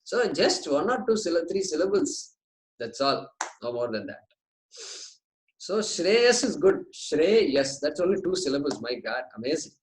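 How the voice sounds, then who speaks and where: A man giving a scripture class, explaining Sanskrit terms slowly and with light jokes. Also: on the high side, very animated, reverberant, slight background noise, poor audio. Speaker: Vedanta teacher.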